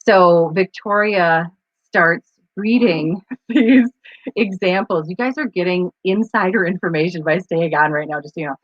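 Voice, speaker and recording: A woman's voice: fairly low pitch, a little slow, no room sound. Chatty woman co-host, rambling live-stream talk, dry slightly muffled sound. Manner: rambling, chatty storyteller with many fillers. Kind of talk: casual live-stream chat.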